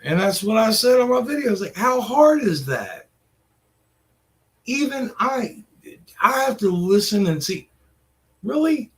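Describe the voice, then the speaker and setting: A man's voice: high voice, sing-song, a little slow, pauses often, fairly bright tone. A middle-aged man, ranting casually in a crude, profane, rambling way. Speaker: vlogger.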